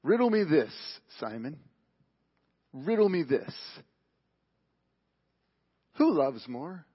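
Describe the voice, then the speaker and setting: Calm, soft-spoken Jesus figure, as a preacher puts him on, husky and low-key, lo-fi audio. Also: male voice, full character voice. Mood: gentle. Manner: quiet, measured questioning. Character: calm, gently probing Jesus, adult man.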